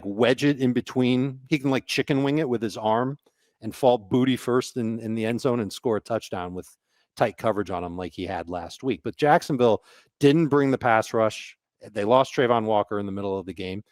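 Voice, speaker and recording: Male co-host, casual and playful, middle pitch, dry mic. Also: a little fast, a little mellow, no echo. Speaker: fantasy football host. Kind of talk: casual podcast discussion.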